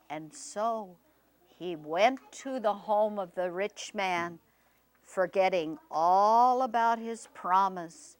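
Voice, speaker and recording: A woman storyteller telling a folktale expressively, with dramatic pauses. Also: mid-range voice, clear, resonant tone.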